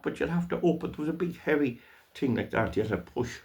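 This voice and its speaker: A man's voice: a little high, expressive, fast talker, gravelly, a little mellow. An older Irish man and channel host telling a story in a casual, playful way, with mock drama and stammered repeats. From Ireland.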